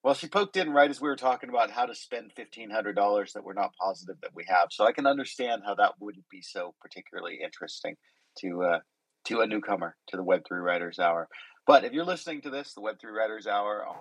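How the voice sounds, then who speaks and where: A man's voice: fairly low pitch, expressive, fast talker, slightly rough, no room sound, poor audio. A man hosting a casual group conversation, welcoming and rambling with many restarts, in a slightly sick voice. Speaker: host. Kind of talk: casual group chat on a live audio stage.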